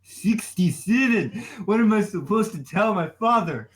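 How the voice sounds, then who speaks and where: Pleading young student, read by a man: anxious, high. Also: animated, a little slow.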